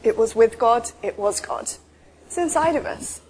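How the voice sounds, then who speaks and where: A woman giving an informal, chatty sermon, telling stories with lively asides. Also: a little high, normal speed, breathy edge. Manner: chatty, animated storytelling with asides. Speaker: preacher.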